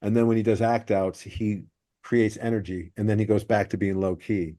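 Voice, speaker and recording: Mellow low-voiced male podcast host. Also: fairly even intonation, moderate pace, no room sound, clean studio sound. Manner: analytical, explaining joke structure. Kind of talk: podcast discussion.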